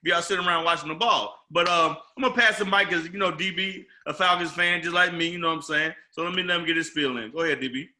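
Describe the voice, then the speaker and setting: High bright-voiced man ranting. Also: quick pace, hardly any pauses. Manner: emphatic, rambling rant. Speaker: podcast host. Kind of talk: casual sports talk.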